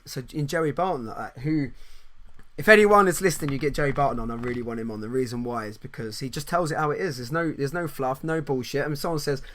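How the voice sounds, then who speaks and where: A man hosts a casual podcast chat, his voice sitting a little high for a man. He talks animatedly, tripping into restarts and repeated words and laughing often. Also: a bit bright. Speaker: podcast host and coach.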